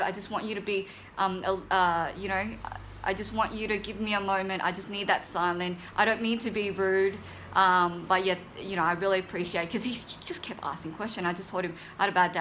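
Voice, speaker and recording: A chatty woman tells a long personal story straight to camera, full of "um"s and "like"s. Her voice is bright and forward, and she jumps up high whenever she acts out what she said. Soft music sits faintly under her talk. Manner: chatty, animated, many fillers, acts out quotes with high excited voice. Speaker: vlogger. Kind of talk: casual storytelling vlog.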